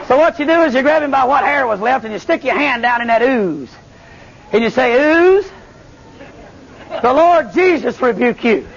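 A man preaching a revival sermon, animated and calling out to the congregation. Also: very high voice, a little fast, vocal fry, dull audio, some chatter behind, slight background noise. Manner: animated, calls to the congregation, Southern.

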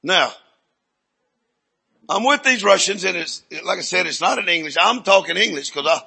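An older man, preaching in a rambling, folksy storytelling sermon with sudden shouts. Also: sits high, expressive, normal speed, vocal fry, husky.

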